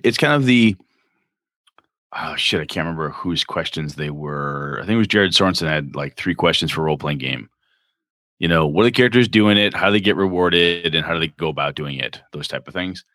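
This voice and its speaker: Podcast co-host, male, very low and bright voice, dry close sound, rambling casual talk. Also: lively intonation, moderate pace, no room sound. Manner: rambling, thinks aloud with restarts. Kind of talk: casual chat about role-playing games.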